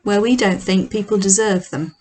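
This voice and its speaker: A middle-aged woman leading a children's church session, telling a Bible story with props in an animated, expressive way. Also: mid-range voice, normal speed, a little hiss or hum, low-quality recording.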